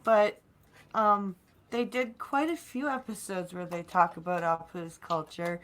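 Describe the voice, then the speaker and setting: A woman on a podcast panel, speaking bluntly in casual chat and quick to laugh. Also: medium pitch, steady tone.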